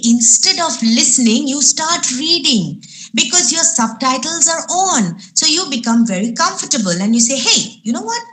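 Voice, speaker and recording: An Indian woman trainer leads a live online lesson, her pitch rising and falling animatedly as she explains. She repeats key points and poses questions to her listeners before answering them herself. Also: a bit bright. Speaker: IELTS trainer. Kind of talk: live webinar lecture.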